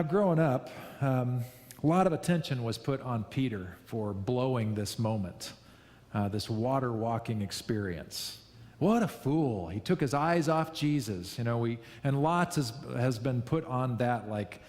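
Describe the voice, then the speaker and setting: A man preaching a sermon, telling a story in a lively way and repeating key lines for emphasis. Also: medium pitch, normal speed, big-room sound. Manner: storytelling, animated, with repetitions for emphasis. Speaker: pastor.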